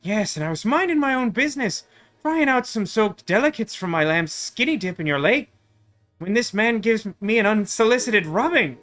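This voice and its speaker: A man's voice: high voice, very animated, moderate pace, fairly bright tone, faint music behind. A man voicing a touchy, vain male genie with a put-on Irish accent. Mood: preening. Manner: theatrical, preening.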